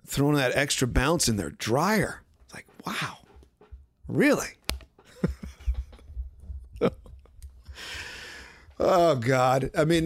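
A man hosting a sports podcast, talking casually and sarcastically, giving betting picks and mimicking others in quick asides. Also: mid-range voice, no echo, clean studio sound. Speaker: podcast host.

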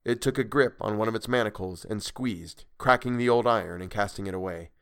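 A man narrating a storybook in a measured, expressive reading. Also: on the low side, gravelly, smooth, no room sound, studio quality.

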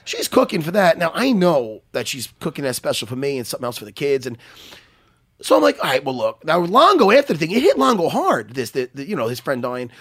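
A man's voice: fairly high pitch, huge pitch swings, quick pace, a bit bright, no room sound, clean studio sound. A man, co-hosting a casual podcast chat, telling stories animatedly, laughing and swearing often. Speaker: podcast co-host.

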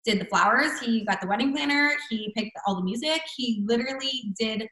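A woman's voice: a little high, brisk, fairly bright tone, roomy sound, low-quality recording. A woman telling a personal story in casual chat, full of "like" and "I'm like" fillers. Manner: chatty, many fillers and "like". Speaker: guest.

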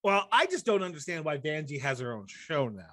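A man's voice: on the high side, sing-song, brisk, bright, forceful tone. A man co-hosting a casual podcast chat, joking and sarcastic, with rambling asides. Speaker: podcast co-host.

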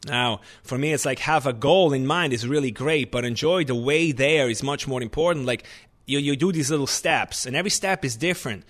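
Man, chef, storytelling, animated, restarts a lot, mid-pitched voice. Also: a little fast. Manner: animated, restarts often, acts out kitchen shouting. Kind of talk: conversational storytelling.

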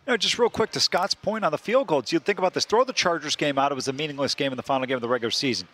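Confident co-host making an emphatic pick. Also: male voice, on the high side, rapid-fire, fairly bright tone. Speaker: sports betting co-host. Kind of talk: casual sports radio talk.

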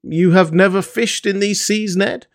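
A man's voice: sits high, a little slow, pitched above the performer's own voice. A man reading the part of a learned professor in an audiobook, inquiring and explanatory.

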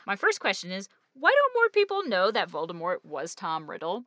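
A woman's voice: mid-range voice, huge pitch swings, normal speed, pushed and bright, no room sound, studio quality. A woman co-hosting a podcast in casual, bubbly chat, laughing often and rambling. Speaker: podcast co-host.

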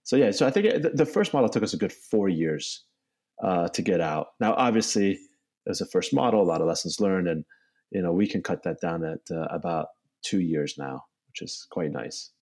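A man's voice: deep voice, animated, moderate pace, a little mellow. A man as a company co-founder in a casual interview, talking in long loose runs full of "you know" and "right?". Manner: rambling, many "you know" and "right?" tags. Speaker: bike company co-founder, guest.

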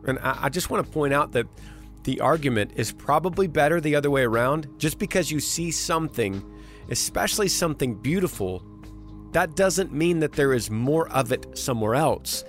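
A man's voice: on the high side, lively intonation, moderate pace, soft background music. A man hosting a late-night radio show, reading news and answering callers in an earnest, folksy way. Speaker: radio host.

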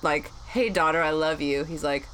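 A woman's voice: low-pitched, noisy background. A woman with a North Carolina accent co-hosting a podcast, joking and laughing often. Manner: expressive, joking, quick to laugh. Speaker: podcast co-host. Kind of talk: casual chat. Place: inside an RV.

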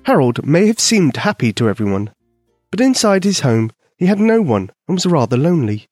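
A man gently narrating a bedtime story for young children in an expressive storytelling manner. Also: a little high, moderate pace, no room sound, studio quality, soft background music.

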